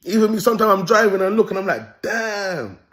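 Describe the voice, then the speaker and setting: Young man, London accent, comic rant, animated, swears a lot, laughs at himself. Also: sits high, rapid-fire. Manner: animated, swearing, laughing at his own jokes. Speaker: host. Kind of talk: ranting comedic commentary.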